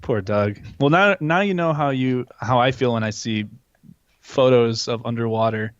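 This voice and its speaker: A young man co-hosting a casual podcast, telling animated stories and swearing often. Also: mid-range voice, moderate pace, clean tone, dry recording, muffled recording. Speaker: podcast co-host. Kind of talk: casual chat.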